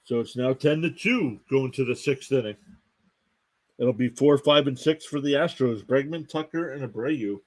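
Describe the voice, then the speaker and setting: A man's voice: medium pitch, moderate pace. A young man hosting a live stream, calling baseball play-by-play, reading out scores and thanking viewers. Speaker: live stream sports commentator. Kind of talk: live play-by-play reaction commentary.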